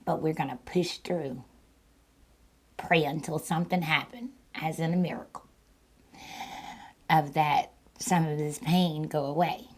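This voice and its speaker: A woman with a sore throat, hosting a mukbang and slowly retelling a story to her viewers in a casual way. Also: sits low, steady tone, a little mellow. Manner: slow, deliberate retelling with repeats. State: sore throat, partly lost voice. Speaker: mukbang channel host.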